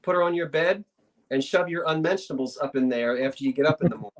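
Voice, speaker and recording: A woman's voice: low-pitched, fast talker. A woman hosting a live online sale, describing an item in casual, rambling chat full of asides.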